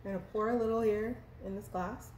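A Texan woman vlogger mixes a drink at home for a casual cocktail how-to, chatting playfully and laughing at herself. Her medium-pitched voice is steady, fast, and a little mellow. The echoey room has faint ambience, with slight hiss or hum in the audio.

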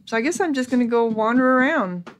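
A woman playing a video game and reading its text aloud, thinking out loud casually with hums and ums. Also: a little high, animated, quick pace. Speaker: gaming video creator.

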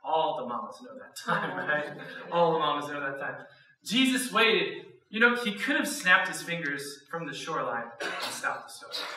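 Animated young-sounding man preaching in echoey hall. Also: on the high side, normal speed, slight background noise. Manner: animated storyteller, acts out quotes, laughs often. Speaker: student pastor. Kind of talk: sermon. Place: church auditorium. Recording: echoey hall, mic at a distance.

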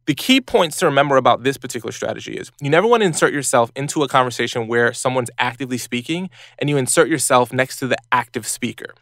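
Brief: male podcast host, gravelly, dry close sound, lively advice talk. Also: fast talker, few pauses, no echo. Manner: animated, acts out quoted people in high voices.

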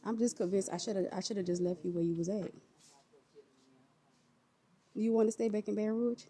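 A woman's voice: medium pitch, brisk, warm tone. A woman in a store, talking to a child in short, repeated bits and calling her baby. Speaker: vlogger pranking her goddaughter. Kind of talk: casual vlog talk to a child. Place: inside a store.

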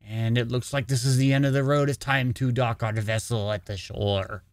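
A man's voice: mid-range voice, fairly even intonation, moderate pace, very noisy. Playful man narrating his gameplay. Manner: chatty, playful, slips into a jokey pirate voice. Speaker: gaming channel host. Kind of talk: casual gameplay commentary.

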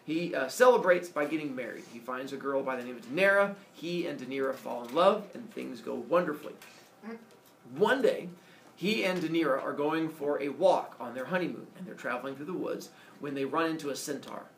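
Brief: male teacher, gravelly, lively storyteller, roomy classroom, heard from across the room. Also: a little high, a little fast, a little hiss or hum. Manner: animated, playful, asks the class questions. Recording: echoey classroom from far off.

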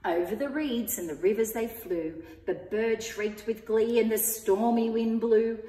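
Woman doing story time for kids, slow and sing-songy, echoey room with long reverb. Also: a little high. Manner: expressive, sing-song rhyme reading. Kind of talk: reading a picture book aloud to children.

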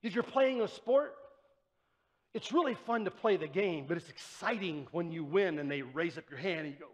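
A man's voice: a little high, lively intonation, normal speed. A man preaching a sermon as pastor, in a conversational way, acting out the voices he quotes. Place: church. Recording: church sanctuary with long reverb.

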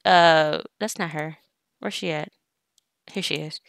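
Chatty woman gamer, bright crisp voice, dry close sound, bosses her characters around. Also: deep voice, steady tone, unhurried, pauses often, dry recording. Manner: chatty, talks directly to her game characters. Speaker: let's play gamer. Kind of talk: casual gameplay commentary.

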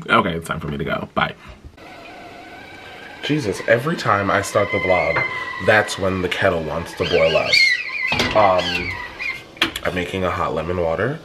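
A man's voice: low-pitched, normal speed, pauses often, noisy background. A tired man with allergies, chatting casually to camera in a vlog. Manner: chatty, animated, expressive. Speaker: vlogger. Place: home, then out and about.

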